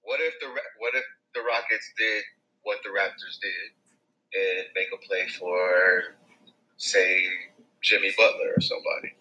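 A man hosting a sports podcast, speaking softly and hesitantly with many restarts. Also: sits low, fairly even intonation, unhurried, low-quality recording. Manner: hesitant, stammering, soft-spoken. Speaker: podcast host. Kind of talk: casual sports podcast chat.

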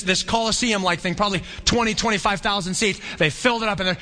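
A man preaching a sermon as pastor in a conversational, animated way, sometimes acting out the voices of a crowd. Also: high-pitched, a little fast. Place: church hall. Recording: long hall reverb.

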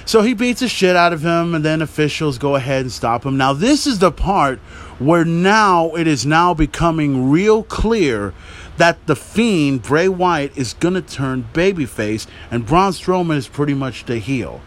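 Excitable, profane man recapping wrestling. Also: fairly high pitch, measured pace. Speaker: podcast host. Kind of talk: casual wrestling recap rant.

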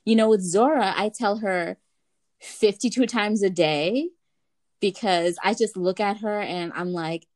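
A young adult woman talking casually with a family member, relaxed and chatty with lots of fillers. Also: medium pitch, measured pace.

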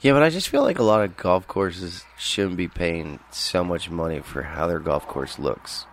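A man's voice: deep voice, animated, normal speed, a little hiss or hum. A man co-hosting a casual podcast, cracking crude, dry jokes. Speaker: podcast co-host. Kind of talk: casual chat.

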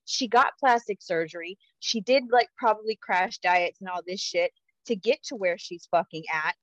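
A woman's voice: mid-range voice, moderate pace, fairly bright tone, dry recording. A woman co-hosting a casual pop culture podcast, ranting heatedly and swearing constantly. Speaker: podcast co-host. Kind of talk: casual chat. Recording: dull lo-fi dry sound.

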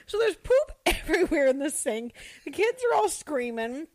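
Animated woman telling school stories. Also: high voice, moderate pace, few pauses. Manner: animated, laughs while telling stories, acts out kids' shouts. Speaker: podcast guest, school social worker. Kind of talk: casual storytelling.

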